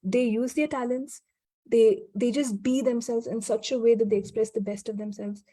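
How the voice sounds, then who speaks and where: A woman guest in a casual conversation, speaking reflectively with frequent restarts and soft laughs. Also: on the high side, fairly even intonation, moderate pace, dry recording.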